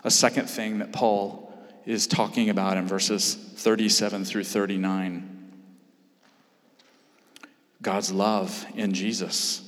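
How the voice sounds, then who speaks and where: Man preaching a sermon, low voice, slow and earnest, long hall reverb. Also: level tone, a bit bright. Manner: earnest preaching, builds to emphatic peaks. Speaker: pastor.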